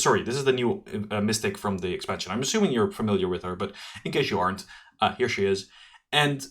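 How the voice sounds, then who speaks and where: A man hosting a card game preview, talking through new cards in an enthusiastic, chatty commentary with quick asides and self-corrections. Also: lowish voice, fairly bright tone. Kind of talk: solo card review commentary.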